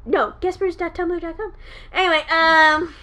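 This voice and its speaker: Woman, high voice, casual podcast chat, profane, rambling, hiccups. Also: fairly even intonation, moderate pace, pushed and bright. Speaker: podcast co-host.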